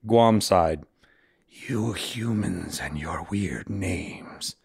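A man reading a fantasy story aloud, slow and measured, with friends listening. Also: low-pitched, gravelly, slightly rough, no room sound, clean studio sound. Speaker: podcast co-host reading aloud.

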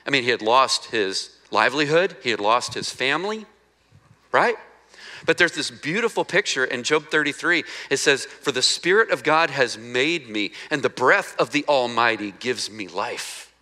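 Male pastor, mid-pitched, bright and forceful, conversational sermon, asks the congregation questions. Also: lively intonation, normal speed.

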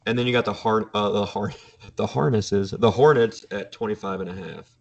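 A man's voice: fairly low pitch, moderate pace, creaky. A young man co-hosting a podcast, casually reading out betting lines and chatting about basketball. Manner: reads out betting lines, easygoing. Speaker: podcast co-host. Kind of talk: casual sports chat. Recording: dull lo-fi sound.

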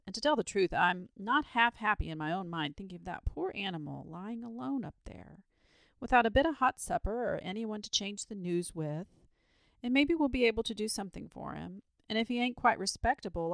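A woman's voice: medium pitch, animated, fairly quick, vocal fry, a bit bright, dry recording. A woman voicing a sensible, kindly country mother who talks in a soothing, practical way.

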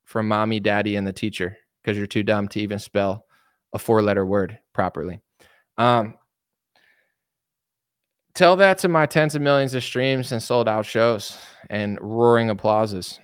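A man's voice: fairly low pitch, moderate pace, clear, resonant tone, dry recording, clean studio sound. A young man hosting a livestream, talking casually and animatedly, rambling and mimicking imagined people. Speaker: streamer host.

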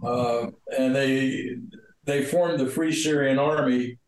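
An older man, a guest in an interview, recounting past events steadily with many pauses. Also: medium pitch, fairly even intonation. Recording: very echoey room with faint noise.

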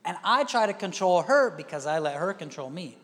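Guy preaching, kinda higher voice, goes quiet then loud, long echo from a big hall. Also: animated, a little fast. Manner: conversational, swings from hushed asides to loud emphatic bursts. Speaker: pastor. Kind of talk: sermon. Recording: reverberant hall.

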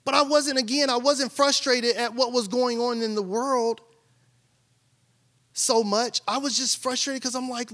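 A man preaching a sermon in a high, bright voice. He talks in a candid, conversational way, circling back and restarting his sentences as he shares his own struggles with the congregation. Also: fairly even intonation, normal speed. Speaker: pastor.

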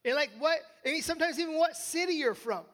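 Conversational American preacher, high voice. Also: fast talker, fairly bright tone. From United States. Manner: conversational, frequent tag questions and restarts. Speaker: pastor. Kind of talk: sermon.

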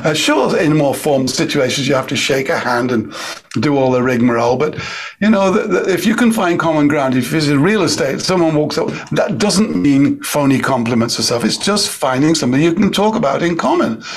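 Husky-voiced Englishman, energetic and emphatic. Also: a little high, brisk. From England. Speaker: guest speaker and author. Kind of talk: animated interview talk.

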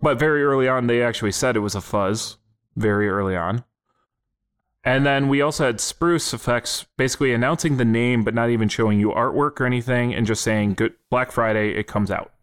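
Man, podcast host, casual chat, measured, recaps news, mid-pitched voice. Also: clear, resonant tone. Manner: steers topics, recaps in a measured way.

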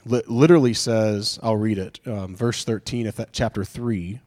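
A man's voice: lowish voice, steady tone, normal speed, a little mellow. A man preaching a sermon in an earnest, conversational way, often asking rhetorical questions and restarting his phrases. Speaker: pastor.

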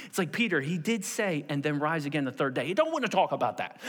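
A man preaching a sermon to a congregation, animated and acting out the scenes of the story in different voices. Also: on the high side, fast talker, few pauses, breathy edge, big-room sound. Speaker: pastor.

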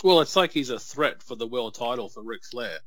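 A man's voice: mid-range voice, expressive, a bit bright, dry recording. A man with an everyday mid-range voice chats through a wrestling match. He tells stories, laughs easily, and slips into quoted voices. The mic is close and dry. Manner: storytelling, quick laughs, acts out quotes. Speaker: podcast co-host. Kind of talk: casual watch-along commentary.

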